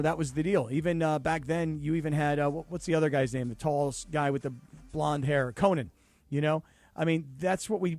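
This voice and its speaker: Radio co-host, man, slightly higher voice, dry close mic, musing. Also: a little mellow, dry recording. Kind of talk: casual sports radio chat. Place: radio studio.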